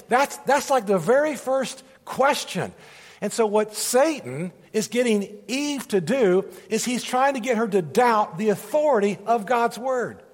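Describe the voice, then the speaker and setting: A man's voice: sits high, expressive, measured pace. A man preaching a sermon as pastor to a congregation, earnest and repeating his phrases, often calling on the room to say lines back to him. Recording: long hall reverb.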